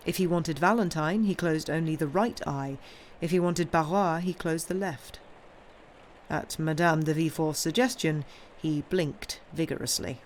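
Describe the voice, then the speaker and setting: A woman narrating a classic novel live in a slow, measured reading voice. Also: sits low, slight background noise. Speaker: audiobook reader. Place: home streaming setup.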